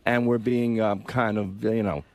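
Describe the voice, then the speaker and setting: A man defending himself on a radio show in an earnest, halting way, repeating words as he searches for them. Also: fairly low pitch, fairly even intonation, a little mellow. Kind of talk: defensive studio talk.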